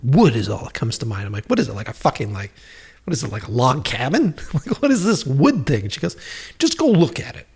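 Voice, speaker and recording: A man's voice: medium pitch, a little fast, slightly rough. A man telling filmmaking stories in casual chat, swearing freely and acting out the dialogue he quotes. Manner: profane, animated storyteller acting out quoted dialogue. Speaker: filmmaker guest.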